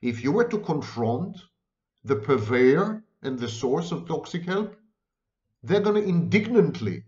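Emphatic man lecturing, animated pitch. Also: unhurried, dull audio. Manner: emphatic, repeats and restates phrases. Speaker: lecturer on psychology. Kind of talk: unscripted lecture.

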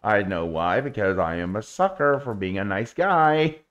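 Male streamer, casual game commentary, very lively pitch, coos at his pet. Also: normal speed, dull audio. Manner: chatty, talks to viewers and coos baby talk at his pet creature.

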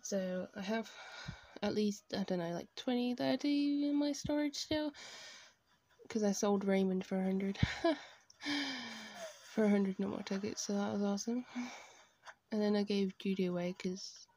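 A woman chatting casually over her gameplay from her bedroom at home, gushing and excitable as she talks. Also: medium pitch, a little slow, pauses often, no echo. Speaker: video game streamer.

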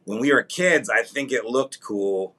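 A man's voice: mid-range voice, animated, a little slow, a bit bright. A man co-hosting a comedy podcast in casual chat, teasing his partner and then explaining things at length.

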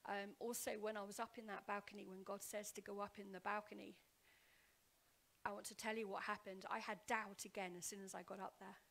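A woman preaching a heartfelt testimony in church, telling her story earnestly and repeating words as she goes, often sinking to a hushed whisper before building up loud. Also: medium pitch, little pitch movement, brisk, gravelly. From Wales. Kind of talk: sermon testimony. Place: church hall.

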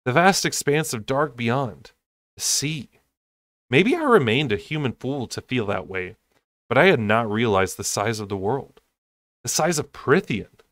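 A man's voice: medium pitch, a bit bright, no echo, studio quality. A man reading a fantasy novel aloud in an unedited take, with occasional slips and asides. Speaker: audiobook reader.

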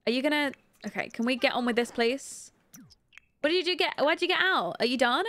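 A woman's voice: sits high, expressive, a little fast, a bit bright, no room sound. A young British woman chatting casually while streaming a life-simulation game, reading and answering chat and giggling often. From Britain. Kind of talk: casual gameplay commentary.

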